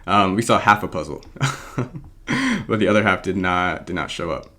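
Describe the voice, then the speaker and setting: His voice is low and sharp-toned, very animated yet unhurried, as he offers casual commentary on a competitive game. A draft league coach and video creator born in England and raised American, he rambles, says um often and laughs at himself.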